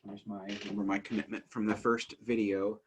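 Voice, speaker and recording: A man who teaches family life speaks casually to the camera in a fairly low, breathy voice, earnest and eager while trying hard to stay slow and calm. As his energy rises, fillers and restarts pile up.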